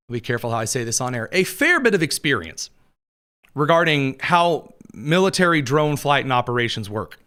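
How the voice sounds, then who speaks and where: A man's voice: fairly high pitch, bright, forceful tone. A man hosting a political news show, commenting with sarcastic asides and jokes, his throat a little dry. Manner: wry, quick asides, laughs at own jokes.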